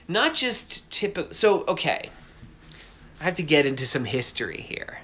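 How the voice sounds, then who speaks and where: Cartoonist hosting a live stream from home: man, a touch high-pitched, rambling, enthusiastic. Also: very animated, normal speed, pushed and bright, husky. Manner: rambling, enthusiastic, lots of asides. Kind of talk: casual livestream chat.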